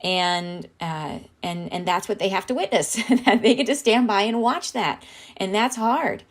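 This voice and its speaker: A woman's voice: mid-range voice, a little slow. A middle-aged woman hosting a live stream, reading channeled messages aloud and talking them over in a heartfelt, casual way, often asking "right?". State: tearing up, laughing through tears.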